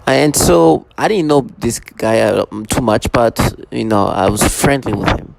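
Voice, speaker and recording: Gravelly man rambling in a halting monologue. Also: mid-range voice, lively intonation, very noisy. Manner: halting, many restarts and repeated fillers. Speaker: vlogger.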